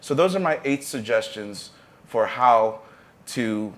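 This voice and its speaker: A man's voice: medium pitch, animated, slow, a bit bright. Earnest motivational man on a panel. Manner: earnest, motivational, with brief restarts. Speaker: panelist, arts entrepreneurship professor. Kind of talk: panel discussion talk.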